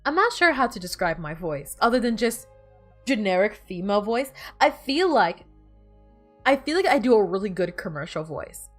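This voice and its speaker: A woman's voice: mid-range voice, sing-song, normal speed, faint music behind. A woman streamer chatting casually while playing, rambling and bossing her game characters around. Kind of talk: casual gameplay chat.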